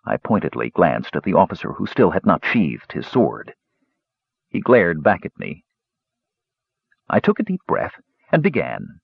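A man narrating a fantasy story in the first person in an expressive, theatrical way. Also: low-pitched, normal speed, vocal fry, slightly rough, no echo, lo-fi sound. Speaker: audiobook narrator.

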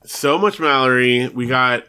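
A man's voice: mid-range voice, measured pace, sharp tone, clean tone. A man co-hosting a podcast, casually recapping a TV episode, laughing often and acting out the characters' lines. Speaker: podcast co-host.

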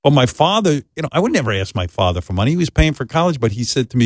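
A man hosting a talk show, telling a self-deprecating comic story in animated casual chat and jumping into quoted voices. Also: mid-range voice, rapid-fire, few pauses, no room sound, clean studio sound. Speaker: host.

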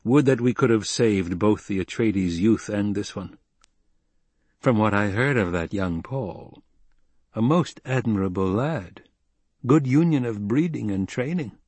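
Brief: shrewd wry nobleman, read by a man, deliberate and very slow. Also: on the low side, lively intonation, darkish tone, slightly rough, no echo. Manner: dry, deliberate, hesitant. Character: shrewd calculating male count, dry and wry. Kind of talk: audiobook character voice.

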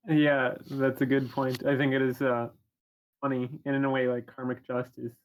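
Flat-voiced, hesitant man. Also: medium pitch, moderate pace, highs cut off. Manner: hesitant, full of uhs and ums. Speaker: podcast co-host. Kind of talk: casual chat.

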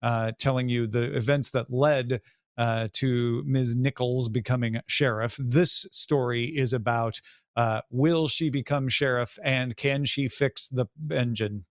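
A man hosting a casual talk show, leading the discussion with quick asides and questions to his co-hosts. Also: mid-range voice, steady tone, no echo, clean studio sound. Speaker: podcast host. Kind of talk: casual chat.

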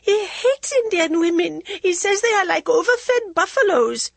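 A woman reading an audiobook, voicing an excitable, defiant teenage princess in high, loud outbursts. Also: measured pace, gravelly, no echo, full character voice. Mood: distraught.

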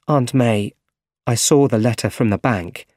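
A man's voice: medium pitch, unhurried, a little mellow, dry recording, studio quality, close to an everyday voice. A man voicing a shy, earnest young man in an easy-English audiobook, his voice a little raised. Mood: concerned. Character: young man, shy hero hiding a secret.

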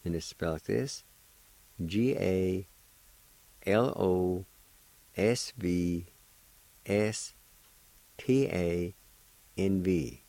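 A man's voice: sits low, gravelly, warm tone, no room sound, poor audio. A man teaching a radio language lesson, patiently repeating each word and spelling it out letter by letter. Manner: deliberate, spells words out letter by letter.

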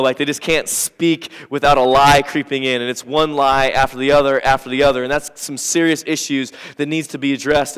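A man's voice: medium pitch, fairly bright tone, clean tone. Man preaching in a reverberant church. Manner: conversational preaching with acted-out quotes. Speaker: pastor. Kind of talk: sermon. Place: church sanctuary. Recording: church hall with long reverb.

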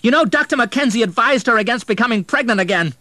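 A man voicing a furious, grieving young man who shouts and threatens. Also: medium pitch, big pitch swings, moderate pace, dry recording, voice pushed up. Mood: raging. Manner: shouting through rage.

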